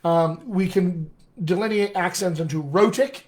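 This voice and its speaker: A man's voice: high-pitched, a little slow. An American man, a dialect coach, teaching casually on a live stream, chatting with viewers and using many fillers. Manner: chatty and filler-heavy, greets viewers by name.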